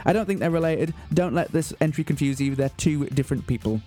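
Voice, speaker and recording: A man's voice: fairly high pitch, quick pace, dark tone, faint music behind. A man hosting a community radio show, announcing with mock-grand, earnest comic delivery in a studio. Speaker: radio host. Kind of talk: deadpan comic radio presenting.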